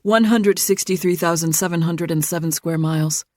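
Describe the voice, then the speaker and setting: A woman narrator voicing a literal-minded young man who repeats himself and recites facts in a flat, patient way. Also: fairly low pitch, moderate pace, dry recording, clean studio sound, lightly acted.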